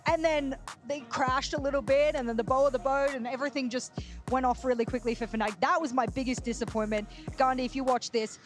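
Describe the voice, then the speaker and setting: Woman guest on an esports show, high voice, animated and teasing, music faint behind. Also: quick pace. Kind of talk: interview chat.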